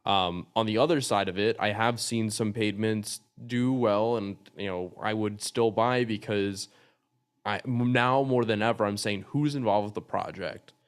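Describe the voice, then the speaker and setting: Male panelist, clear smooth low voice, relaxed and reflective. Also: unhurried. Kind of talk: virtual panel discussion.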